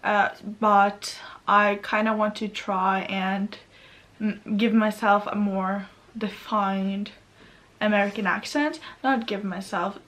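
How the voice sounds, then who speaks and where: A woman's voice: medium pitch, fairly even intonation, takes it slowly, a bit bright. Rambling Norwegian woman vlogging. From Norway. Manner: rambling, self-correcting, nervous. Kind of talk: casual vlog monologue. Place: at home near her computer.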